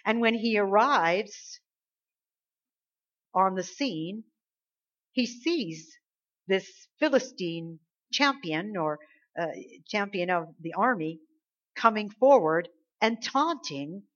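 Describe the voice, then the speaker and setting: A woman's voice: mid-range voice, lively intonation, takes it slowly. A woman preaching a sermon, exhorting her listeners emphatically, with her volume rising and falling. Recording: slightly dull lo-fi recording.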